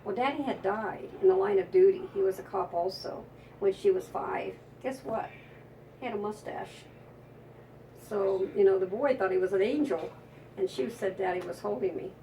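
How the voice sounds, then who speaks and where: A woman's voice: medium pitch, moderate pace, mellow, recorded from a distance, a little hiss or hum, low-quality recording. A woman psychic telling an emotional, rambling story in a conversational interview, often restarting her sentences.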